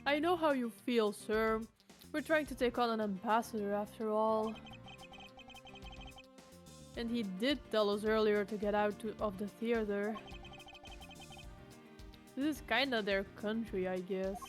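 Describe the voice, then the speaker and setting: Woman doing earnest male detective, loyal, deferential, higher pitch. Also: unhurried, long pauses, soft background music, natural voice.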